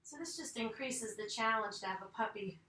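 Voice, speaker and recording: A woman's voice: on the high side, normal speed, bright, forceful tone, roomy sound, distant mic, slight background noise. A woman fitness instructor leading a home arm workout, counting reps and cueing each move while she exercises along.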